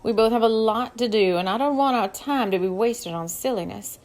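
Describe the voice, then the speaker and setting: A woman's voice: fairly high pitch, normal speed, darkish tone, lightly acted. A woman reading aloud, voicing a shrewd, firm older woman who runs a business. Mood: brisk.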